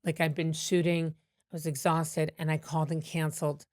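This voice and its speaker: A woman comedian telling animated stories with many fillers and restarts in a podcast interview. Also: low voice, normal speed, no room sound, clean studio sound. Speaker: comedian guest.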